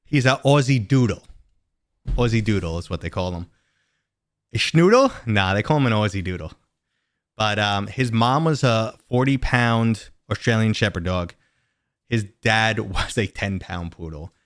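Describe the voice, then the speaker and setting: Low-voiced chatty man streaming from home. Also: moderate pace, no echo, clean studio sound. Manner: rambling, chatty, talks to viewers and his dog. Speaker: gaming livestream host. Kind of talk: casual livestream chat.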